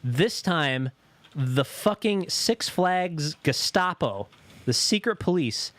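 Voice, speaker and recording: Speaking slowly in a voice on the high side, a podcast co-host swaps stories in casual chat. He's animated and profane, swearing often and performing the voices of whoever he quotes.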